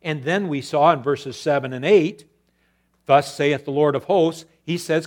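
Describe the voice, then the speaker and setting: Emphatic preaching man, swinging loud and soft. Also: a little high, normal speed. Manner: hesitant restarts and fillers. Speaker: pastor. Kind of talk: expository sermon.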